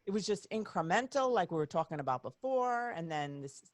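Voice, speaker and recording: A woman hosting a casual interview, talking in an animated, exclaiming way. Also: lowish voice, fairly quick, dry recording. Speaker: podcast host.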